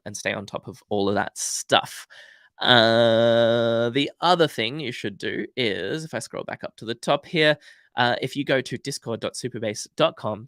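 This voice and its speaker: Gravelly-voiced man hosting a livestream, sounding sick. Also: on the low side, fairly bright tone, no echo. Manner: chatty, upbeat, many ums and uhs. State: sick, congested voice. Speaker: livestream host. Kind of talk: casual livestream outro.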